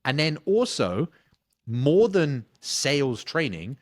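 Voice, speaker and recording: A man, a sales coach answering interview questions bluntly, swearing casually and telling animated stories. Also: fairly high pitch, takes it slowly, dry recording, clean studio sound.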